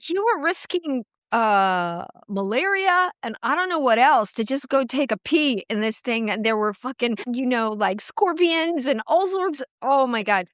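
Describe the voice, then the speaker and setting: A middle-aged woman with a high voice hosts a loose, casual conversation. She tells bawdy, profane stories with plenty of laughter. The sound is dry, with no room echo. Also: animated, unhurried, few pauses. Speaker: podcast host. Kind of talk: casual chat.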